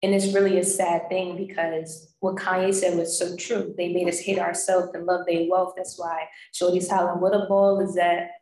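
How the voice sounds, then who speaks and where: A woman's voice: on the low side, level tone, normal speed, few pauses, mellow. A woman hosting a casual chat, talking candidly and bluntly with slang and the odd curse. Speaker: host. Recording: roomy echo.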